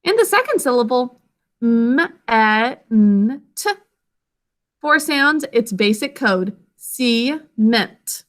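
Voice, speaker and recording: Bright, encouraging woman teacher on a video call. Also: sits high, big pitch swings, slow. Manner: encouraging, clear and instructive. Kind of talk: online spelling lesson.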